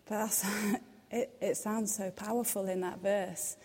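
Young woman, devotional speaker, earnest and reassuring, mellow tone, long hall reverb. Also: mid-range voice, fairly even intonation, measured pace. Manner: earnest, reassuring, quotes scripture softly. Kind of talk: devotional teaching.

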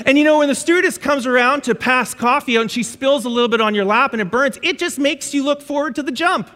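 A man with a high voice preaches a sermon, telling stories animatedly and often restarting his phrases. His voice rings out with a long reverb through an auditorium. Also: fast talker. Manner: lively storytelling with frequent restarts. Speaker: pastor.

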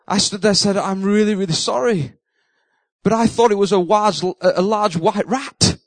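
A man's voice: high voice, moderate pace, no echo, rough recording. A middle-aged man preaching, telling a funny story and acting out his own panic. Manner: animated, self-mocking storyteller who acts out his own panic. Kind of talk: sermon storytelling.

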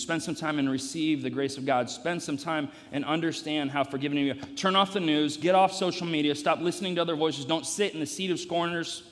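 A male pastor delivering a sermon, emphatic and repetitive, rising to loud peaks in a church. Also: fairly high pitch, big-room sound. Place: church sanctuary.

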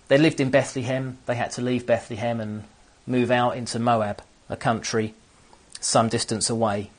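A man's voice: medium pitch, level tone, moderate pace. A man preaching a sermon to an empty room, earnest and often restarting his phrases. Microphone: camera on stands.

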